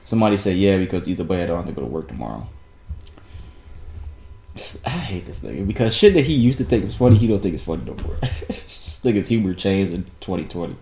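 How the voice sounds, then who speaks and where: A young man co-hosting a casual chat, loud and teasing, often laughing. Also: low-pitched, big pitch swings, fast, reverberant. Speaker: podcast co-host.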